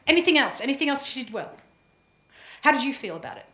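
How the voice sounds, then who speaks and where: A woman runs a live presentation workshop, chatty and quick to laugh. Her voice sits a little high, and the room gives it a clear echo. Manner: lively, chatty, laughs easily. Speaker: presentation coach. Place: room with an audience. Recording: echoey room.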